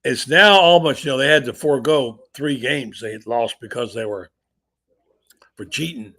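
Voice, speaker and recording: Older man, gravelly voice, blunt opinionated sports host, long-winded stories. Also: mid-range voice, moderate pace, a bit bright. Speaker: talk show host. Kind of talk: sports talk radio chat.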